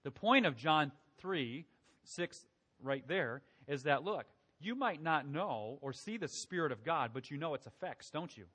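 A man's voice: fairly high pitch, expressive, a little slow, a bit bright, husky. A man preaching a conversational sermon, often asking his listeners questions as he works through scripture. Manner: conversational, asks the congregation questions. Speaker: pastor. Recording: long hall reverb.

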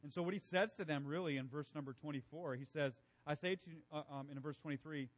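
A man's voice: on the high side, steady tone, fast talker, no room sound, poor audio. A man preaching a sermon with emphatic, repetitive phrasing. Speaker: pastor.

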